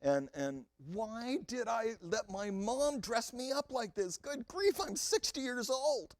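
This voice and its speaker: A man voicing Jacob, a nervous sixty-year-old man panicking in hushed, fretful inner muttering as his lie is about to unravel. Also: very high-pitched, animated, slow, no room sound, clean studio sound, voice pushed up, exaggerated voice.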